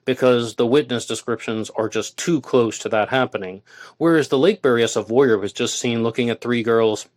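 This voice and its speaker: Guy doing a solo podcast, mid pitch, reads a quote then argues back, kinda talky. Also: moderate pace. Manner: argumentative, reads quotes aloud and rebuts them. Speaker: podcast host.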